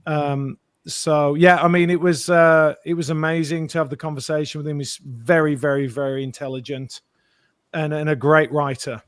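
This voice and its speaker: A man, an actor guest, telling lively anecdotes in an interview and acting out the quotes. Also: a little high, normal speed, no echo, studio quality. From Britain. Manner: animated storyteller, acts out quotes.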